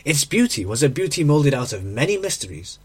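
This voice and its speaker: A man reading a classic short story aloud, with measured storytelling that slows on key phrases and drops low on the dialogue tags. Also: sing-song, slightly rough. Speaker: narrator.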